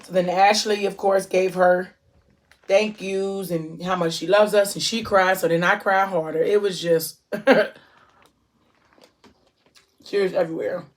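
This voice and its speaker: A woman's voice: mid-range voice, fairly even intonation. A woman from Ohio chatting casually to her viewers as a vlogger, effusive and full of endearments. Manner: effusive, warm shout-outs, drawn-out endearments. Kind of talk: casual chat to camera.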